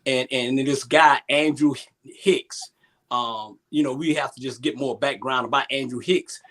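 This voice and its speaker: A man speaking in an earnest, halting way on an emotional panel talk show, repeating himself as he tells a story. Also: mid-range voice, steady tone, a bit bright. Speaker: youth basketball coach, co-host.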